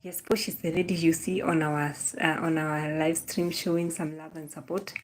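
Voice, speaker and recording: A young woman with a Kenyan accent and a somewhat low voice hosts a casual live stream. She greets viewers one by one, repeats her phrases, and drops Swahili words into her English. A faint noise sits under her voice. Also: level tone, moderate pace. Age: young adult.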